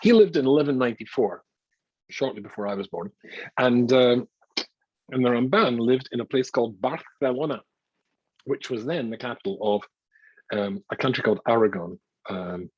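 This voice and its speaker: A man's voice: medium pitch, normal speed, breathy edge, no room sound, highs cut off. An older man from Scotland, a rabbi giving an informal, chatty Torah lecture with wry self-mocking asides.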